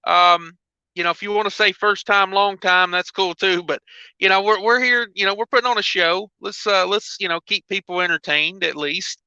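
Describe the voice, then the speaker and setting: Male trucker host, laid-back rambling chat, high smooth voice, lo-fi recording. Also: normal speed, sharp tone, dry recording. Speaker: trucker hosting a livestream. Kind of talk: casual livestream chat. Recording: dull lo-fi dry sound.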